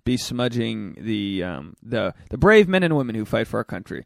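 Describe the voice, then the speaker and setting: A man's voice: lowish voice, very animated, moderate pace, vocal fry, no room sound, studio quality. A man from Rhode Island, a stand-up comic, co-hosting a podcast in casual chat, telling stories and swearing freely. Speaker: podcast co-host, stand-up comedian.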